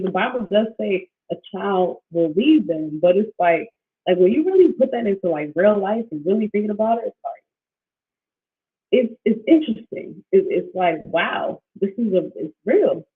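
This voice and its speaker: A woman hosting a casual livestream as a coach, talking in a rambling, animated way with many restarts and fillers, reading out viewer comments. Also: mid-range voice. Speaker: financial wellness coach, livestream host. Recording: tinny phone-like sound.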